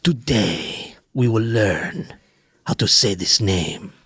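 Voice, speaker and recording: Here is a suave, slow-talking man, teaching how to say a word, as a man does the impression. He speaks deliberately and formally, and his pitch moves around. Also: expressive, a bit bright, exaggerated voice.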